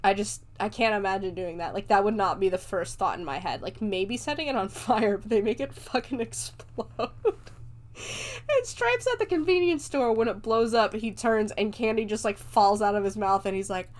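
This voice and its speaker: A woman's voice: mid-range voice, normal speed. A young woman hosting a podcast, chattily recapping a movie with lots of fillers and casual swearing. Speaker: podcast host.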